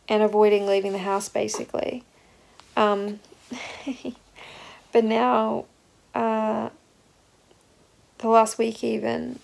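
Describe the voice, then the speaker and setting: A woman's voice: a little high, creaky, darkish tone, poor audio. A young woman vlogging candidly about life as a new mother, reflective and open, with ums and restarts. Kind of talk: casual personal vlog.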